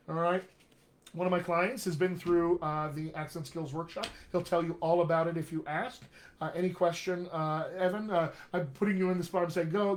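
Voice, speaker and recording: A middle-aged man, a dialect coach, giving an energetic, jokey live-streamed lesson, often checking in with "all right?". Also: fairly high pitch. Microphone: webcam or computer mic on a live video stream.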